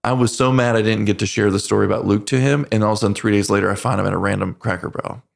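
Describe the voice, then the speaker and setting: A man in his forties, a veteran guest on a podcast, telling his story in earnest, halting speech with many restarts. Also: on the low side, steady tone, creaky. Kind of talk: casual storytelling interview.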